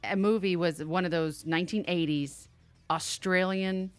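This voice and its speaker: Low-voiced woman chatting on a podcast. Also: fairly even intonation, unhurried. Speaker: podcast co-host. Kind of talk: casual chat.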